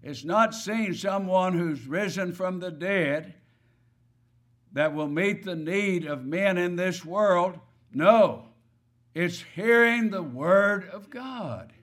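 A man's voice: sits high, slow pace, fairly bright tone. A man preaching a sermon, stressing key words and asking his listeners rhetorical questions.

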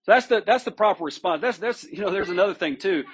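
A male pastor delivers an expository sermon in a high-pitched, somewhat husky voice. He talks conversationally, stresses key words, and often doubles back on a phrase before finishing it. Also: lively intonation, quick pace. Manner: conversational and emphatic, with frequent restarts and checks with listeners.

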